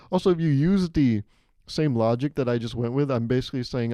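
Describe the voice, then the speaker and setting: A man's voice: mid-range voice, normal speed, pauses often, warm tone, dry recording, clean studio sound. Rambling, jokey young man on a podcast. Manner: rambling, jokey, self-mocking, laughs at own jokes. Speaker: podcast host. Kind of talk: solo comedic podcast monologue. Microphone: studio microphone, hears himself in headphones.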